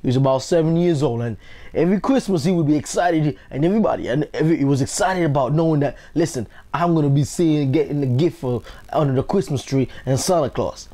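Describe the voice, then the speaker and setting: Male motivational speaker, mellow and slightly high-voiced, call-and-response pep talk. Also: fast. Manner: rallying, repetitive call-and-response, preacher-like cadence.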